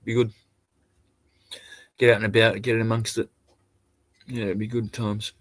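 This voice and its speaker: A man's voice: fairly low pitch, flat delivery, moderate pace, no echo. An Australian man chatting casually on a live stream, rambling and laid-back, swearing now and then.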